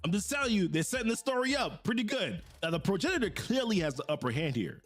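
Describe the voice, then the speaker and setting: A man casually recapping a game's story as a streamer, chatty and animated, with asides and fillers. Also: high voice, fast, faint music behind. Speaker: gaming streamer.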